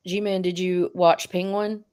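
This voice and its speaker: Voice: mid-range voice, flat delivery, slow pace, darkish tone, clean tone. A participant in a casual livestream chat, thoughtful and hedging their opinions.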